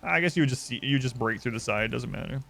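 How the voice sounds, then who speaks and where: A man's voice: medium pitch, fast talker, creaky, fairly bright tone, faint music behind. A man streaming a game, rambling in a wry, casual way while chatting to his viewers. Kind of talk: casual live-stream commentary.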